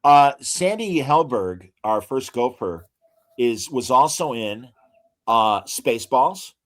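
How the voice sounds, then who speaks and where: He's a podcast co-host in casual conversation, eagerly rattling off trivia amid many filler words. His mid-range voice is animated and fairly bright, and he speaks slowly.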